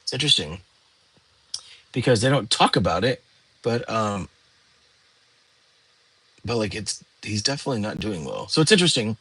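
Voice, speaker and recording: A tired young man, hosting a relaxed livestream and chatting with viewers from home. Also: on the low side, moderate pace, long pauses, slightly rough, no echo. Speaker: livestream host. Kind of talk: casual livestream chat. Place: home, lying down.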